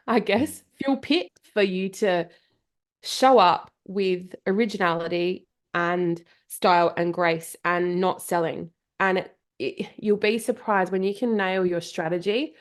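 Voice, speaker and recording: An Australian woman in her thirties, a guest on a podcast, talking energetically and a little out of breath. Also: on the low side. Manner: energetic, emphatic, repeats for emphasis. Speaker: podcast guest, marketing coach. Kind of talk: casual interview chat.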